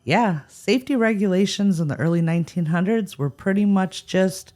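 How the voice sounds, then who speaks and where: A woman's voice: medium pitch, moderate pace, darkish tone, faint music behind. A woman co-hosting a paranormal podcast, reacting with wry, sarcastic humor. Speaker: podcast co-host. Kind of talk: scripted paranormal podcast chat.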